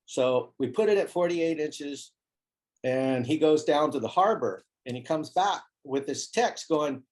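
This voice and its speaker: A man telling a story as an interview guest, animated and acting out the voices of people he quotes. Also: medium pitch, normal speed. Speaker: interview guest, foil board maker. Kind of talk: casual storytelling.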